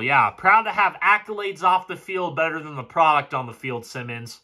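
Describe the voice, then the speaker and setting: A man's voice: on the high side, lively intonation, moderate pace, hardly any pauses, sharp tone. A man casually breaking down football game film, frustrated and sarcastic and swearing often. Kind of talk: casual play-by-play film commentary.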